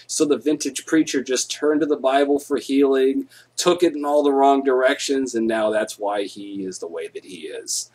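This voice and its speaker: A man's voice: medium pitch, normal speed, hardly any pauses, darkish tone, husky. A man hosting a live stream, telling a rambling, profane, jokey story to his viewers.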